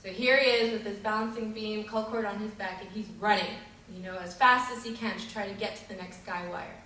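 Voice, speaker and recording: A woman's voice: mid-range voice, fairly even intonation, a little fast, bright, forceful tone. Woman preaching in an echoey hall. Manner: earnest, with filler words and restarts. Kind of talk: sermon with storytelling. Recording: echoey hall, distant mic.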